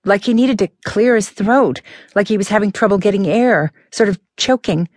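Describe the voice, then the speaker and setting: A woman voicing a frightened, upset teenage girl in an audiobook, her pitch raised and strained. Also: moderate pace, a little mellow, no room sound, studio quality, close to an everyday voice.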